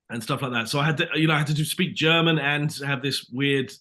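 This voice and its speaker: Bright-voiced British man, lively storyteller. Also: fairly high pitch, fast. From Britain. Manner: animated storyteller, acts out dialogue, many fillers. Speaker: actor, interview guest. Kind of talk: casual interview chat.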